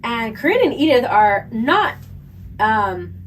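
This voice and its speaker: A woman's voice: fairly high pitch, takes it slowly, distant mic, slight background noise, rough recording. Woman telling a story, off-mic. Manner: animated storyteller, filler-heavy, laughs often. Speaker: podcast co-host. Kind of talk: casual storytelling chat.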